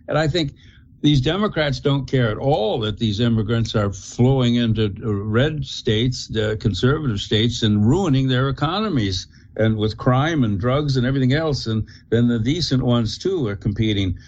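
A man giving opinionated commentary on a radio talk show, halting and full of fillers. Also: mid-range voice, lively intonation, a little mellow, dull audio. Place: radio studio.

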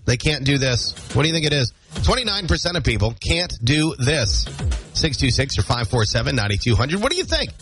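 A man's voice: medium pitch, animated, moderate pace, fairly bright tone, soft background music, low-quality recording. A man hosting a morning radio show, chatting playfully and joking between calls. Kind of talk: casual radio banter. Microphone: studio microphone.

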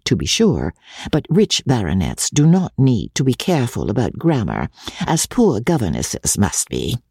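A reader narrating a first-person story in letters, reading it in a lively, expressive way. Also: mid-range voice, gravelly, breathy edge, no room sound, studio quality. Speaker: audiobook narrator.

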